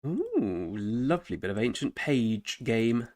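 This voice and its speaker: A man streams his gameplay, commenting casually as he goes. He chats to himself and his viewers in a mid-pitched voice and breaks into frequent exclamations. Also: wildly swooping pitch, slow pace, darkish tone, no room sound, studio quality. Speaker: game streamer.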